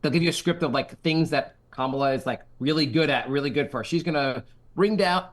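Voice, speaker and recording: A man's voice: a little high, fairly quick. A middle-aged man hosting a casual comedy podcast, telling stories and acting out the voices of people he quotes. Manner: animated, acts out quoted voices. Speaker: podcast host.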